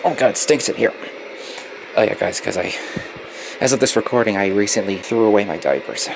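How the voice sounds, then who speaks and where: A man's voice: lowish voice, brisk, creaky. Gloomy, complaining young man. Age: 20s. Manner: swears often. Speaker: vlogger. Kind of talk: casual vlog. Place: home closet. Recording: noisy home recording.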